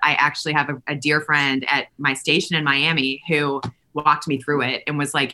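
Animated woman telling stories, bright voice. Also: sits low, fairly quick. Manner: animated, laughing, acts out quoted voices. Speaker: podcast guest. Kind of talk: casual conversational storytelling.

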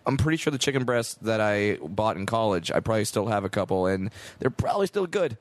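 A man's voice: on the low side, animated, fast talker, slight background noise. A man co-hosting a podcast, teasing and making fun of himself in casual banter. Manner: teasing, self-mocking, laughs often.

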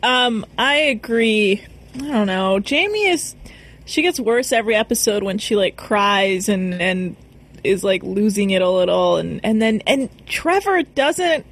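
A woman co-hosting a podcast, speaking haltingly in casual chat. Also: mid-range voice, lively intonation. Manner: hesitant, halting. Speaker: podcast co-host.

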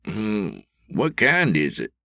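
A man voicing an easygoing middle-aged husband in an audio story, wry and gently teasing. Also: on the low side, huge pitch swings, slow pace, vocal fry, no room sound, clean studio sound, voice pushed up, full character voice. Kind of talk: audio drama reading.

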